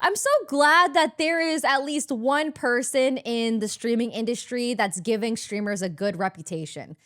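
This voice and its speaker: A woman's voice: a little high, normal speed, a bit bright, soft background music. A young woman streamer reacting live to a video, gushing and exclaiming emotionally, with casual swearing.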